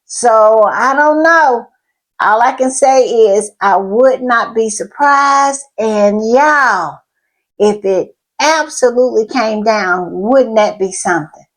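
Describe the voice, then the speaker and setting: Slow, emphatic woman commenting. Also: on the high side, low-quality recording. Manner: emphatic, repeats words for stress; laughs between remarks. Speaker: royal news commentator. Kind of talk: casual opinion commentary.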